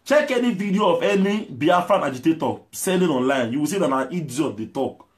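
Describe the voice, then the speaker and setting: A Nigerian man gives an impassioned video message, his fairly high voice pushing hard one moment and pleading the next. He is a musician and slides between English and pidgin. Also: animated, fairly quick. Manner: forceful, pleading, mixes in pidgin.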